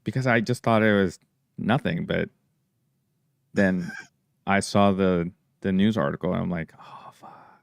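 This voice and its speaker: Podcast co-host, man, deep and smooth, casual teasing banter. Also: a little slow, pauses often, no room sound, studio quality. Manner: joking, teasing, swears freely. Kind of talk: casual chat.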